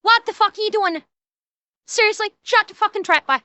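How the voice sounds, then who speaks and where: A woman's voice: high-pitched, animated, brisk, sharp tone, no echo. A woman voicing a brash, scolding Newfoundland woman with a thick accent and a mocking, sing-song delivery, as part of a streamer reaction rant. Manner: mocking, sing-song, heavy dialect slang.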